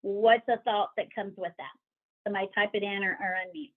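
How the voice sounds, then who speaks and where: A woman leading a motivational team call, talking lively, acting out worried inner voices and asking her group questions over a call line. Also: mid-range voice, a little fast. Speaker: team leader coaching a sales team. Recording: tinny phone-like call audio.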